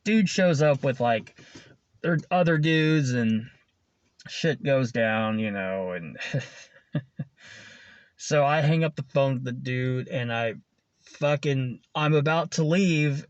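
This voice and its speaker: A man's voice: mid-range voice, slow, long pauses, clear, resonant tone, dry recording. Man telling a rambling story, muffled recording. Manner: rambling, profane, chuckles between lines. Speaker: food delivery driver. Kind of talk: casual spoken storytelling. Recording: dull lo-fi recording.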